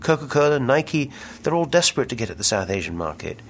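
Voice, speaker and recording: A man's voice: mid-range voice, moderate pace, a little hiss or hum, pitched above the performer's own voice, close to an everyday voice. A man voicing a brash, ambitious businessman with big schemes, reading the dialogue aloud in a pushy salesman's patter. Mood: excited. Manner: salesman patter, insistent and grandiose.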